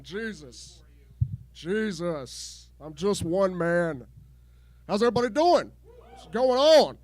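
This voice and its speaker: A man with an unusually high voice doing a crude, rambling stand-up set in a garage show. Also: dry recording. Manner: crude, rambling jokes with repeated false starts. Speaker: stand-up comedian. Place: home garage show before a live crowd.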